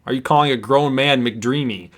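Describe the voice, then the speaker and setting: Thirties guy hosting a stream, sarcastic and animated, laughs a lot. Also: medium pitch, normal speed. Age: 30s. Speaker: livestream host. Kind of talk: casual banter.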